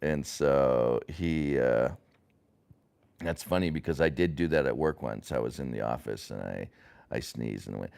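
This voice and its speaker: A man's voice: a bass voice, unhurried, gravelly, a little mellow, smooth. A man hosting a casual family livestream, rambling with lots of fillers and restarts.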